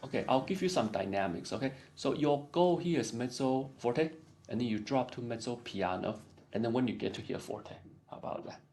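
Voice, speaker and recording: Piano teacher with a lively voice. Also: male voice, medium pitch, brisk, a little hiss or hum. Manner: coaching, sings phrases in syllables. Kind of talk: one-on-one piano lesson.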